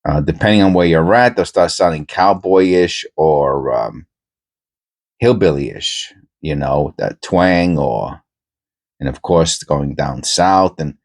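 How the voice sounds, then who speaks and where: A middle-aged man with a New York accent softened toward Pennsylvania talk, chatting casually and meandering with many pauses while he searches coin rolls. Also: rumbling low. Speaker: coin roll hunting host. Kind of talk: casual rambling chat while searching coins.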